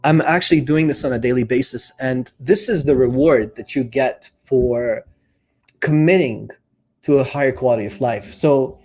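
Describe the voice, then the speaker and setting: A life coach speaks to camera in a casual, reflective monologue, his medium-pitched voice a little mellow and at normal speed over faint background music. He coaches viewers earnestly, thinking aloud with fillers and opening up about his feelings.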